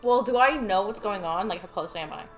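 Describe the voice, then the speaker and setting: A woman's voice: mid-range voice, lively intonation, a little fast, soft background music. A woman playing in a tabletop game, chatting casually and asking questions. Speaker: player. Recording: echoey room, faint noise.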